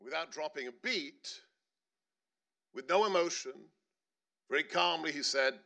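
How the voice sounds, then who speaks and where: Bright-voiced middle-aged man giving an earnest speech. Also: a little high, measured pace, vocal fry, pauses often. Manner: earnest storytelling with emphatic rises. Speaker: panelist speaker. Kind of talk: personal speech at a panel. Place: stage at a panel event.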